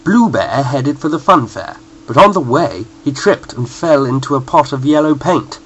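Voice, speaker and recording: A man narrates a children's bedtime story with playful expression. His pitch moves lively through each line. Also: normal speed, slightly rough, highs cut off.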